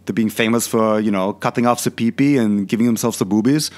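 A man's voice: fairly low pitch, fairly quick, darkish tone, natural voice. Man doing a boastful older Austrian muscleman. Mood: ranting. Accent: put-on Austrian. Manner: crude, ranting, boastful, repetitive filler questions. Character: boastful aging male Austrian bodybuilder-turned-star. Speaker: fitness channel host. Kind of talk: comedic impression rant.

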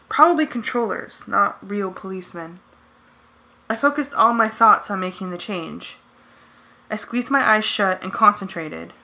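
Brief: woman narrator, first-person novel, tense and brisk, bright tone. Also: mid-range voice, rough recording. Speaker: audiobook reader.

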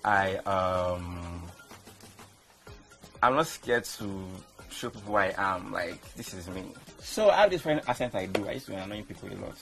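A man's voice: low voice, animated, moderate pace, vocal fry, a bit bright, soft background music. A man introducing himself bluntly for an audition video. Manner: blunt, forthright. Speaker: reality show contestant.

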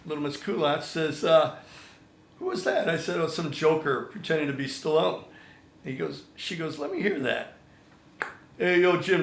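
An older man spins a lively anecdote and acts out every voice in it. His voice sits a little high, and the sound is roomy and echoey. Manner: animated storyteller, acts out quotes. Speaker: songwriter guest. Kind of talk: storytelling anecdote. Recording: echoey room.

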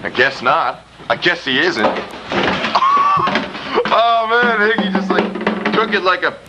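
A man doing profane, excited play-by-play of a backyard wrestling match while filming it, gasping and laughing. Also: high voice, moderate pace, loud music behind the voice, rough recording. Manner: swears often, loud gasps and laughs. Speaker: backyard wrestling commentator and cameraman.

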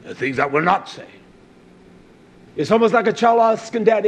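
High-voiced impassioned male preacher. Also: animated, brisk. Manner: impassioned, swings from low murmurs to loud declaiming; uses Hebrew terms. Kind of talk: sermon.

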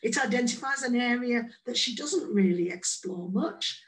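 A woman's voice: on the high side, moderate pace, rough recording. Playful English woman giving a talk. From England. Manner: lively, playful, acts out quoted voices. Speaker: conference speaker. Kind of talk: conference presentation.

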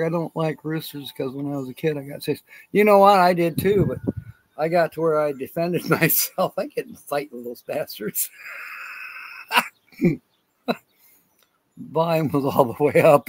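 A man hosting a casual live stream outdoors, rambling and chuckling as he answers viewers by name. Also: fairly high pitch. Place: outdoors in sunshine.

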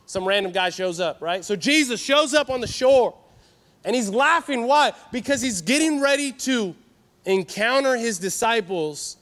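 A man from California preaching a sermon at a youth conference, energetic and calling for answers from the crowd. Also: high-pitched, moderate pace. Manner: energetic, call-and-response with the crowd. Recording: reverberant hall.

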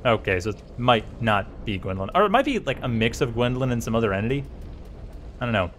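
A man's voice: mid-range voice, sing-song, fast, a bit bright, slight background noise. A man playing a video game, casually musing aloud and reading out item descriptions. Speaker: let's play host. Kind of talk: casual gameplay commentary.

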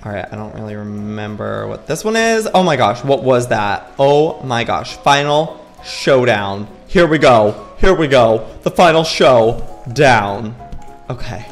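A man's voice: medium pitch, a little slow, soft background music. Giddy young man doing game commentary. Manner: excitable, giddy, exclamatory. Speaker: gaming YouTuber.

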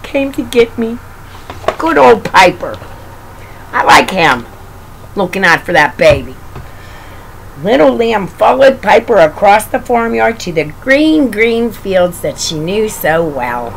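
A woman reading a picture book aloud to children, with gentle, doting asides to a child. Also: mid-range voice, big pitch swings, takes it slowly, creaky, slight background noise, rough recording. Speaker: reader of children's books.

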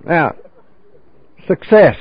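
A man's voice: drawn-out words, dull audio. An older man telling a folksy, salty story of his drinking days to a recovery meeting, peppering it with "you know.".

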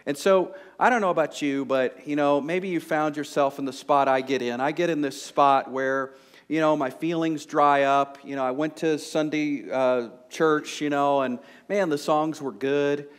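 A man's voice: fairly high pitch, steady tone, moderate pace, smooth. A man preaching a sermon to a congregation, conversational and joking, with frequent fillers like "you know". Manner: conversational, humorous, lots of fillers. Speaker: pastor. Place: church sanctuary before a congregation.

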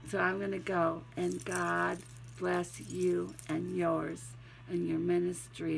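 A woman with a Southern drawl gives a devotional talk, reading scripture with chatty asides. Her voice is deeply gravelly and stuffy from a cold, and she takes her time over every phrase. A faint hiss sits under the recording. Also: rough recording. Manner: homey, encouraging, chatty asides. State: has a cold, sniffling and sneezing. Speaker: Christian devotional vlogger.

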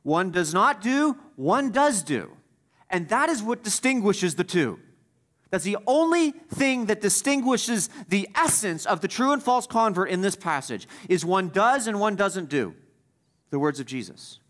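A man preaching a sermon as the pastor, emphatic, repeating key phrases and swinging between loud stresses and quiet asides. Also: high voice, big pitch swings, moderate pace.

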